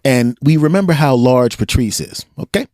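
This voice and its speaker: An American man hosts a casual podcast chat, spinning stories with lots of energy and acting out every quoted voice. His pitch sits in an ordinary middle range, and the recording is dry and close with no room sound. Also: moderate pace, no room sound. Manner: animated storyteller, acts out quotes, laughs often. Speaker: podcast host.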